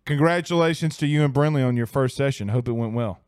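A man's voice: mid-range voice, quick pace, a little mellow, clear, resonant tone, no echo, clean studio sound. A man hosting a casual sports talk stream, joking and laughing easily. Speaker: sports show host.

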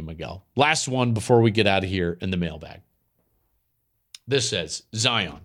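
A man in his forties hosts a podcast in a casual, emphatic monologue. His mid-pitched voice swings up and down with lively animation, and his speech is loose and full of "like" fillers. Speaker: podcast host.

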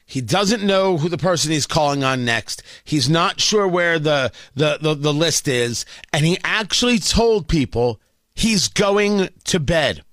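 Male podcast host, high-pitched, blunt opinionated commentary, dry close studio sound. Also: animated, measured pace, a bit bright, no echo. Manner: blunt, with frequent restarts.

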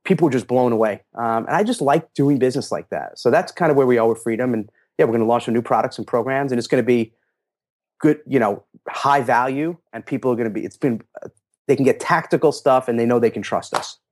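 A middle-aged man, a guest in a casual interview, telling animated stories and acting out quotes in a raised voice. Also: mid-range voice, quick pace. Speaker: interview guest, fitness marketer.

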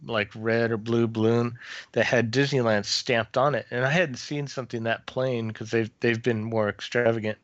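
Brief: man, storyteller guest, halting and self-correcting, dry and slightly dull sound. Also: medium pitch, steady tone, no room sound. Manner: hesitant, with many restarts and fillers. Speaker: former theme park custodial worker, guest author. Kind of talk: casual storytelling in a podcast interview.

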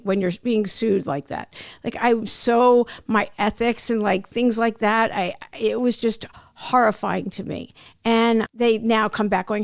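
A middle-aged woman speaks as an interview guest, her fairly high voice roughened by gravelly fry. She tells personal stories with emotion, tumbling along and breaking into her own sentences. The sound is dry and close. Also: dry recording. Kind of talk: candid personal storytelling.

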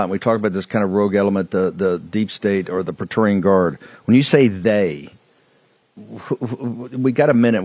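A man hosting a live broadcast show, talking quickly, cutting in and stumbling over restarts as he steers toward a break. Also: fairly low pitch, a little mellow, dry recording. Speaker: talk show host.

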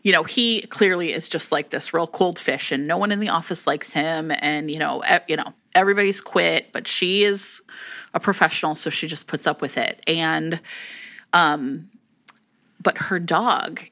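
A woman co-hosts a casual talk show, retelling a story with animated, chatty energy. Her voice is bright and forward, sitting a little low. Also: moderate pace. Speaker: podcast co-host. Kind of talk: casual chat about romance novels.

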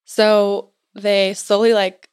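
A woman's voice: medium pitch, little pitch movement, slow pace, a little mellow, smooth. A young woman guest on a podcast, casually telling a story and filling her speech with "like". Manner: chatty, fills speech with "like".

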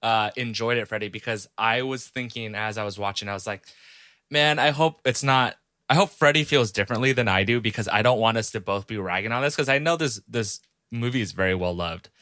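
A young man co-hosting a movie podcast, talking slowly and hesitantly with many fillers in casual chat. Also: on the low side, bright, forceful tone, no echo, clean studio sound. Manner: hesitant, many fillers and restarts, slow and careful. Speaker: podcast co-host.

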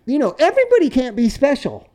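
Brief: middle-aged male podcast host, mellow dark tone, swears freely, spins tour stories. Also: very high voice, quick pace. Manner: loud, profane and animated when telling stories. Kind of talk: casual storytelling chat.

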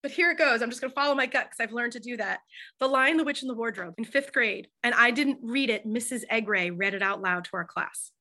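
A middle-aged woman, a hospice chaplain, telling stories in an interview with emphatic, animated delivery and frequent fillers. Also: on the high side, brisk. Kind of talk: conversational storytelling interview.

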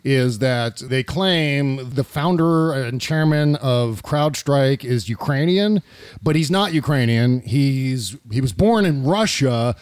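A man's voice: medium pitch, takes it slowly, no room sound. Jokey man hosting a dry podcast. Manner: animated, jokey, swearing. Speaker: podcast host. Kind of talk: casual political chat.

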